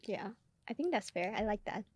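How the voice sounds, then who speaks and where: A woman's voice: medium pitch, expressive, moderate pace, slightly rough, no room sound, studio quality. A woman co-hosting a podcast, chatting casually about a film, hesitant and searching for words, often laughing. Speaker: podcast co-host.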